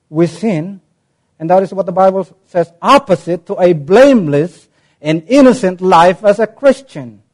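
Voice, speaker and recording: A male pastor preaching a sermon in a somewhat high voice. He teaches with emphasis, spells out words, gives examples and lingers on key terms. He slows right down whenever he reads a verse aloud. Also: darkish tone.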